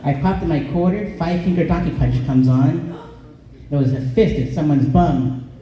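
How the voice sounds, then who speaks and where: Man, stand-up comedian, deadpan, from Colorado, mellow tone, echoey distant recording in a small club. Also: on the high side. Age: 20s or older. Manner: deadpan, sings a parody song at a slow drawn-out pace. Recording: echoey room, voice caught from a distance.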